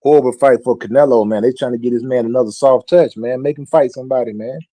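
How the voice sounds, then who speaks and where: A man's voice: medium pitch, fast, mellow, dry recording. Blunt man arguing boxing opinions. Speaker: panelist. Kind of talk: heated sports debate.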